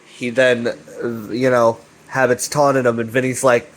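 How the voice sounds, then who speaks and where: A man rambling through a recap in a casual, chummy way, full of swearing and filler words. His voice sits at an ordinary mid pitch for a man. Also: level tone, a little slow, rough recording. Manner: profane, filler-heavy, chummy. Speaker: channel host recapping a web series.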